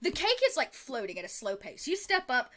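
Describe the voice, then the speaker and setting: A woman's voice: sits high, very animated, fairly quick, a bit bright. A woman narrating a tabletop game as game master, giggly and full of fillers.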